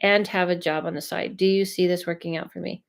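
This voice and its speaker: A woman psychic medium chatting on a live stream, reading viewer questions aloud, often restarting and thinking out loud as she talks. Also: lowish voice, fairly even intonation, fairly quick, creaky.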